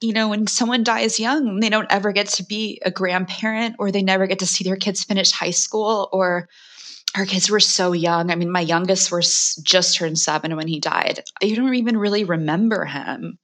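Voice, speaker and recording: Candid, fast-talking woman in her forties. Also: mid-range voice, steady tone, fairly bright tone. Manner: emotional, fast, frequent "like" fillers. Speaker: guest author. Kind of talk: candid conversational talk.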